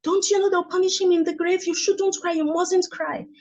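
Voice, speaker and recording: A woman's voice: steady tone, moderate pace, muffled recording. A woman voicing an elderly woman who insistently scolds a grieving widow not to cry. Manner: insistent, high and pleading.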